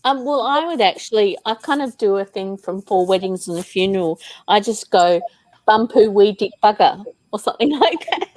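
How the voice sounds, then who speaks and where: A woman's voice: medium pitch, animated, a little fast, hardly any pauses, rough recording. A woman co-hosting a casual craft livestream, reading viewer comments aloud and giggling often.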